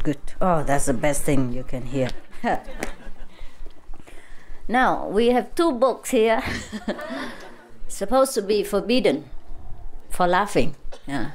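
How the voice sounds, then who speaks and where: A woman's voice: on the low side, lively intonation, slow pace, long pauses. A woman with a Vietnamese accent, speaking English in a playful, teasing way to a live audience and laughing often between phrases. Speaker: spiritual teacher speaking to a gathering. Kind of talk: casual talk to a live audience.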